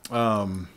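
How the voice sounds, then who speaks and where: A man hosting a gaming podcast in casual chat, laid-back, often trailing off low and laughing. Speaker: podcast host.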